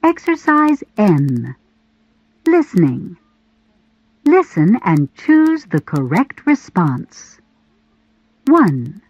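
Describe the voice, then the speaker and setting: Slow, clear woman reading textbook audio. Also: medium pitch, wildly swooping pitch, a little mellow, dry recording. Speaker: audio course narrator. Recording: dull, lo-fi audio.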